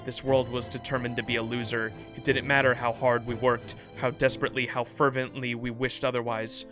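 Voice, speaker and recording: A proud, defiant ancient emperor broods over his fallen world in a grave, measured voice, as a man reads him out. The reading sits at an ordinary male pitch, with game music playing clearly underneath. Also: flat delivery, lightly acted. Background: background music.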